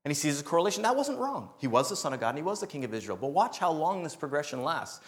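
A male missionary preaching a sermon, his voice sitting a little higher than most men's. He talks in an animated, joking way and acts out the people in his stories. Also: fast talker.

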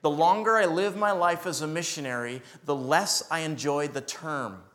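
Guy preaching a sermon, kinda high voice, jokey and animated, does little voices for the story bits. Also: normal speed. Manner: animated, joking, acts out voices in stories. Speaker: preacher and missionary.

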